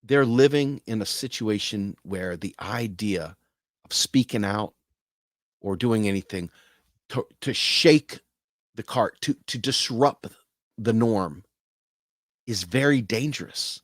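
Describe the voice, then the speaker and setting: A man's voice: lowish voice, animated, measured pace, long pauses, no room sound, clean studio sound. A man hosting a casual talk to camera, earnest and speaking plainly, sometimes acting out other people's voices. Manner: earnest, acts out quoted voices. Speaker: host.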